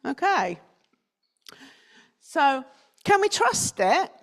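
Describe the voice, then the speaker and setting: This conference speaker is a woman from North London whose standard British accent carries a chatty talk full of questions for the audience. She sounds high and quite bright, very animated, and she draws out her words.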